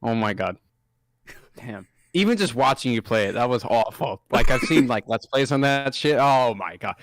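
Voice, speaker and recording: A man from Delaware chatting casually on a podcast, dramatic and quick to swear. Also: medium pitch, expressive, no room sound, studio quality. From Delaware, USA. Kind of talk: casual chat.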